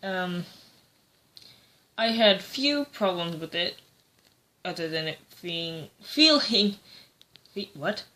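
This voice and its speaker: Slow-talking rambling woman reviewer. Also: on the low side, expressive, pushed and bright. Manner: rambling, hesitant, lots of fillers. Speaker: book reviewer. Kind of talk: casual book review vlog.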